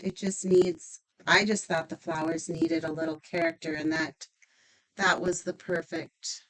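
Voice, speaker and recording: A woman's voice: lowish voice, poor audio. A woman demonstrating a stamping craft project, chatty and upbeat, thinking aloud as she works.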